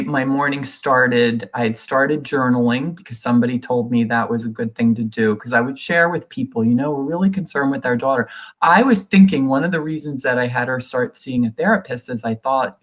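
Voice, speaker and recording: A woman's voice: very deep voice, a little fast. Earnest middle-aged woman telling her story. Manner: earnest, reenacts quoted dialogue in her telling; many fillers and restarts, conversational. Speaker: guest sharing a recovery story. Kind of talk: personal storytelling in an interview.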